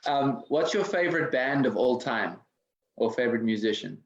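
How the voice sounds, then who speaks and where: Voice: mid-range voice, expressive, normal speed. Echoey lo-fi interviewer, hesitant questions. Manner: hesitant, filler-heavy questioning. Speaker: interviewer, host. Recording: echoey, dull lo-fi sound.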